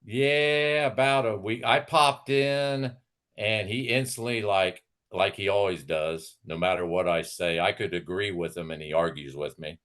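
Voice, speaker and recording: Low-voiced man ranting profanely. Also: a little slow, a bit bright. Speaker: live stream host. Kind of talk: casual chat.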